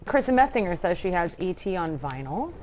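A woman co-hosting a TV news talk show, reading health news and viewer comments in a brisk, upbeat way. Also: on the low side, big pitch swings, a little mellow. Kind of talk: news reading and studio banter.

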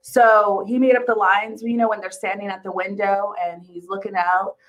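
A woman's voice: mid-range voice, little pitch movement, moderate pace, rough recording. A woman co-hosting a podcast in a casual chat, laughing often and trailing off mid-sentence. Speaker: podcast co-host.

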